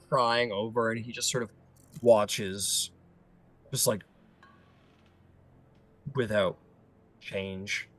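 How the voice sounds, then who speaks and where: Husky, low-voiced game master narrating. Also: male voice, fairly even intonation, very slow, pauses often, fairly bright tone. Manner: casual, hesitant narration with many fillers.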